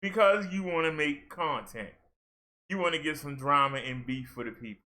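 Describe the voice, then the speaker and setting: A man's voice: a little high, moderate pace, sharp tone. A man with ranting through a commentary vlog, exasperated and scolding. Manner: exasperated, scolding, mocks others in put-on voices. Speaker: commentary vlogger.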